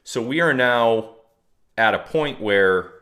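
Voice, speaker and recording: A man's voice: medium pitch, animated, slow pace, sharp tone. A man hosting a casual livestream, talking to his chat in a chatty, mocking way and reading viewer comments aloud. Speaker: livestream host.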